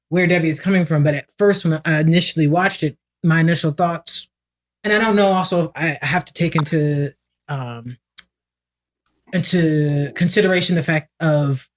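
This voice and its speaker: A woman in a podcast discussion, speaking in a measured, deliberate and thoughtful way. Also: deep voice.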